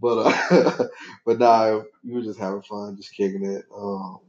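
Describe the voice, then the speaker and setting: On the low side and unhurried, this man's voice keeps a fairly even intonation. A father hosting a podcast with his son, he chats loosely and casually, rambling and laughing easily, in an echoey, dull lo-fi room.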